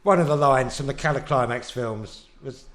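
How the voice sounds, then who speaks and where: A man's voice: medium pitch, normal speed. A man co-hosting a podcast in casual, joking banter.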